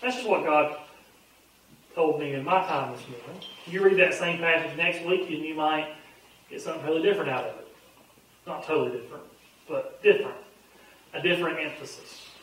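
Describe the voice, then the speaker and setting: Earnest pastor in an echoey room. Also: male voice, on the high side, a little fast, long pauses, a bit bright, distant mic. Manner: folksy, earnest, conversational with frequent fillers. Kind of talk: casual Bible study teaching. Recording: very echoey room, voice off-mic with faint hum.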